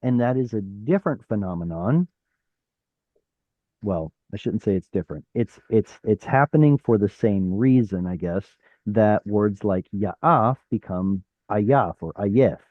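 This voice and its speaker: A man's voice: lowish voice, animated, unhurried, dry recording, dull audio. A man teaching an online Hebrew class, explaining step by step, sounding out letters and correcting himself as he goes. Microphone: video call.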